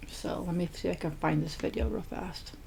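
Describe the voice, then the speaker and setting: Female food-channel host, casual and chatty, low-pitched with a gravelly edge. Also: brisk, darkish tone. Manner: chatty, many fillers and restarts. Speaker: mukbang host. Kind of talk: casual chat reading viewer shout-outs.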